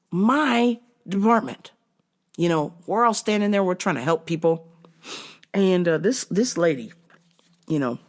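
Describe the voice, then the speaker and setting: A woman host spinning a comic story, swearing freely and laughing at her own material. Her pitch jumps and dips expressively throughout. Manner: profane, animated, comic. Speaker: podcast host. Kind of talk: casual storytelling monologue.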